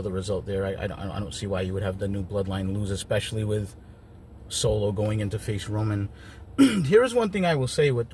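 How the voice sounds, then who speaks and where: A man's voice: mid-range voice, a little hiss or hum. A man giving a casual solo review of wrestling shows, chatty and wry, with lots of ums and joking asides.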